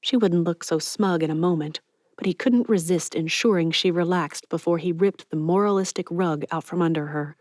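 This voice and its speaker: An audiobook narrator, a woman with a lowish voice, reads a novel aloud at a steady, moderate pace. It's scripted narration, recorded dry and close with no room sound at all.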